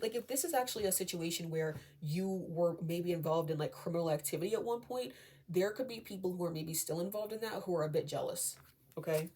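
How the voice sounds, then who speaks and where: A woman's voice: lowish voice, slight background noise. A woman reading tarot cards for her viewers in a casual, chatty way, often checking in with "okay?" and reassuring them not to be afraid. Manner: chatty, many fillers, often asks okay?; reassuring and calming. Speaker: tarot reader.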